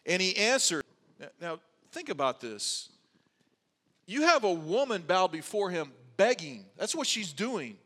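High-voiced man preaching in a reverberant hall. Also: very animated, normal speed, a bit bright. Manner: conversational preaching with wry asides. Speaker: pastor. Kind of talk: sermon.

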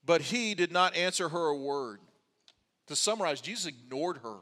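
A man preaches a sermon in a high, clear voice, mixing careful teaching with wry, joking asides. His words ring out with a long reverb in a church sanctuary. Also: animated, moderate pace, sharp tone. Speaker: pastor.

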